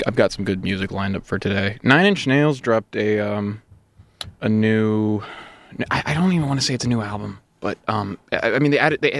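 A young man hosting a college radio show, out of breath, talking in a halting way with many fillers and restarts. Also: on the low side, no room sound. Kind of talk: casual radio chat.

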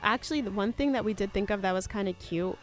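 A woman's voice: medium pitch, fast talker, faint music behind. A young woman co-hosting casual chat, laid-back and full of fillers as she tells a story. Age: young adult. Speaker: co-host.

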